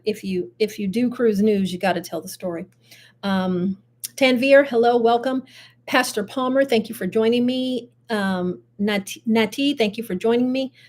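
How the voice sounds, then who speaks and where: A woman's voice: on the high side, a little mellow. An older woman with grandchildren, hosting a casual live stream, chatting and laughing as she greets her viewers. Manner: chatty, laughs often, addresses viewers directly. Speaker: host.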